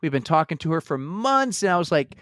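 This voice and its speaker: A man's voice: fairly quick, dry recording. Upbeat man co-hosting a podcast, dry sound. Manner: animated storyteller, mimics others in high voices. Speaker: podcast co-host. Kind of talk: casual chat.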